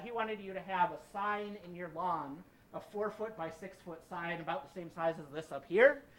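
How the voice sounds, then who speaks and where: A man's voice: sits high, a bit bright, rough recording. A man teaching public speaking in a conversational, direct lecture that uses rhetorical questions. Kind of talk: classroom lecture.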